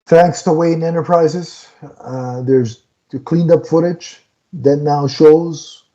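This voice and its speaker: A man's voice: medium pitch, mellow, dull audio. A man co-hosting a casual film review, retelling scenes with lots of restarts and fillers. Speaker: podcast co-host reviewing a film.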